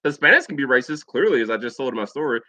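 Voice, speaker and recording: A man's voice: medium pitch, rapid-fire, a bit bright, dry recording, dull audio. An American man and Air Force veteran telling a profane personal story in a casual vlog monologue, mimicking other people's lines as he goes. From United States.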